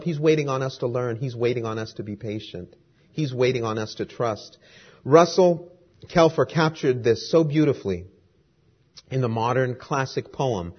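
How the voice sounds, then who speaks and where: Husky-voiced preacher giving a sermon. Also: male voice, mid-range voice. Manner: emphatic, rhetorical, with repetition. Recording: dull lo-fi recording.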